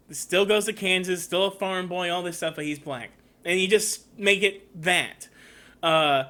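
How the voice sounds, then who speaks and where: A man's voice: sits high, pushed and bright. A man reviewing a movie trailer on his own channel in a rambling, emotional casual talk, getting teary at moments. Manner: rambling, emotional, tearing up at times.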